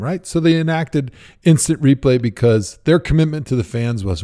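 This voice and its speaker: A man's voice: on the high side, brisk. A man in his thirties co-hosting a podcast, chatting casually and telling stories with laughter. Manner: animated storyteller, laughs while talking. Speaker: podcast co-host.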